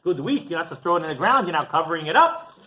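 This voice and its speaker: A man's voice: a little high, sing-song, racing, bright, forceful tone, a little hiss or hum. A man voicing a bewildered onlooker who scolds a farmer with indignant questions. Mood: exasperated.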